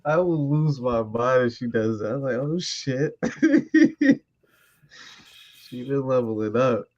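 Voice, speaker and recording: A man co-hosting a casual chat, excitable and laughing a lot. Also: medium pitch, slow pace, dull audio.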